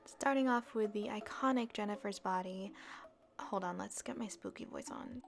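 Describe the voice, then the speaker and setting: A woman's voice: mid-range voice, moderate pace, gravelly. A woman talking through a casual makeup tutorial in a chatty, self-deprecating way, with plenty of asides. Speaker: beauty vlogger.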